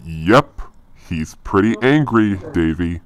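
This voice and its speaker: A man voicing a helpful young male cartoon friend in a flat, stiff voice. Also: sits low, slow, no room sound.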